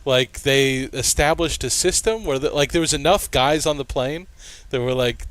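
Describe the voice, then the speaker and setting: A man's voice: fairly high pitch, normal speed, a bit bright, smooth, dry recording. Rambling male talk show co-host. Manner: rambling, lots of "like" and "uh". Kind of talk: casual storytelling on air.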